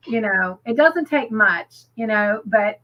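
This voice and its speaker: A woman's voice: on the high side, lively intonation, slow pace. Chatty woman on a muffled livestream. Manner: chatty and emotional, many "you know" fillers. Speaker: co-host of a crafting livestream. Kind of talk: casual chat, reading viewer comments. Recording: muffled lo-fi stream audio.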